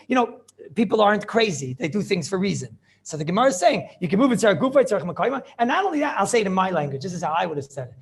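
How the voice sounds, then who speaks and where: A man, a rabbi, giving a Talmud study lecture in an animated way, repeating phrases and asking and answering his own questions. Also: high voice, racing, gravelly. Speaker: rabbi teaching a class.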